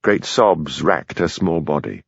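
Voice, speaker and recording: A man narrating a mystery audiobook in a measured, even storytelling manner. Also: a bass voice, vocal fry, husky, dry recording, lo-fi sound. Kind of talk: scripted narration.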